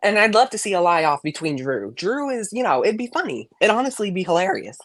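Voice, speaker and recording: A man's voice: high voice, big pitch swings, brisk, a bit bright, no room sound. A man calling in to a live stream, chatting casually and gossiping with sassy, emphatic jokes. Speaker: caller. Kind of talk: casual chat as a call-in guest.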